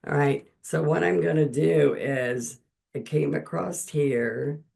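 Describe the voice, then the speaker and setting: A woman leads a painting lesson over a video call, her voice gravelly and her delivery unhurried. She chats in an animated way and laughs often as she teaches. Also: deep voice. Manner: animated, laughs often while telling stories. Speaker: painting instructor and host. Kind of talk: chatty storytelling and painting instruction.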